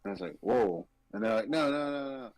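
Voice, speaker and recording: A man's voice: fairly low pitch, expressive, brisk, dry recording, low-quality recording. A man co-hosting a sports betting podcast, ranting emphatically and profanely in casual chat. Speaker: podcast co-host.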